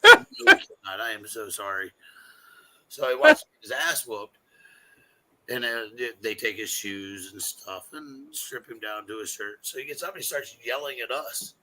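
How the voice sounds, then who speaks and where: Podcast guest, male, bright ringing tone, casual rambling storyteller. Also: mid-range voice, big pitch swings, normal speed, slight background noise, low-quality recording. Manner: swearing, rambling anecdote with acted-out quotes.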